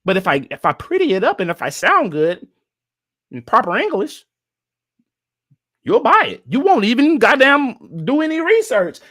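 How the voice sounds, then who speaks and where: A man's voice: very high voice, huge pitch swings, brisk, hardly any pauses, a bit bright. A man hosting a casual livestream, giving blunt commentary, laughing often and mocking what he disagrees with.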